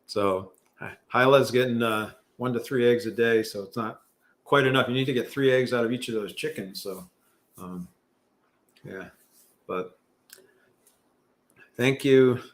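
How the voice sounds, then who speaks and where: A man's voice: mid-range voice, a little slow, long pauses. A middle-aged man from California hosting a casual livestream, rambling with many fillers and restarts and joking about himself. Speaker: livestream host. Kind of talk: casual live chat reading viewer comments.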